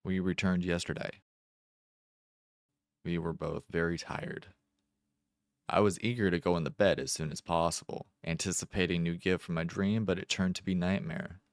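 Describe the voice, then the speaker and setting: Very deep-voiced male story narrator. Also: fairly even intonation, moderate pace, pauses often, no echo, clean studio sound. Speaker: amateur narrator. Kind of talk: first-person short story narration.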